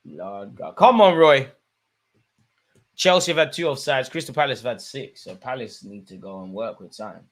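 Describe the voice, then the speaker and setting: Young guy hosting a match watchalong, punchy voice, goes from mumbling to shouting at the telly. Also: on the low side, brisk, hardly any pauses. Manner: excitable, swings from muttering to shouting at the screen. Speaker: football watchalong host. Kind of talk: live watchalong commentary, casual.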